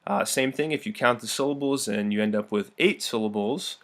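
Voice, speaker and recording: A man teaching a recorded video lesson in a friendly, upbeat way, reading verse slowly with heavy stress. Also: mid-range voice, fairly bright tone.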